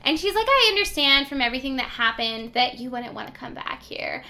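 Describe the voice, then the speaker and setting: A woman's voice: sits high, big pitch swings, a little fast, pushed and bright. A young woman co-hosting a book podcast, recapping a novel's plot in casual chat and acting out the characters' lines as she goes.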